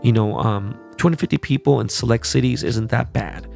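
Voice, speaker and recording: Gravelly, profane podcast host. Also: male voice, mid-range voice, normal speed, soft background music. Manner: profane, animated, rambling asides. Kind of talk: casual solo podcast chat.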